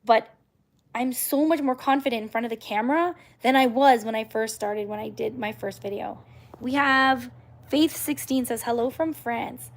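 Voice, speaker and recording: Canadian woman rambling on her livestream, kinda high voice, lots of um and you know. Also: moderate pace. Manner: chatty and upbeat, frequent fillers and restarts. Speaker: YouTuber hosting a live stream. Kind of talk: casual live-stream talk to viewers.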